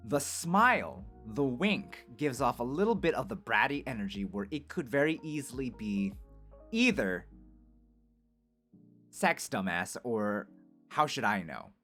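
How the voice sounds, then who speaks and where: A man streaming, telling an improvised story to his chat in an animated, rambling way full of "right?" and "like". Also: mid-range voice, unhurried, soft background music.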